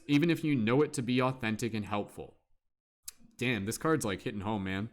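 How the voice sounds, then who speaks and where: A man's voice: on the low side, fairly quick. A young man giving a casual live-stream tarot reading, reading card text aloud and then chatting loosely with lots of "like". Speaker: tarot reader.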